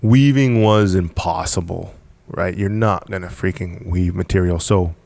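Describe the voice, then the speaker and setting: Unhurried and low, with vocal fry and a darkish tone, a man tells a podcast audience how he founded his business. There's no echo, and he stays emphatic, repeating words and laughing frequently as he casually tells the story.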